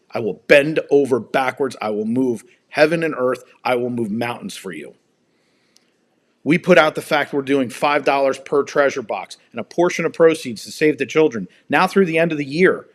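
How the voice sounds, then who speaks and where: Male livestream host at home in an angry, profane rant, slightly high-pitched voice. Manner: heated, profane, emphatic.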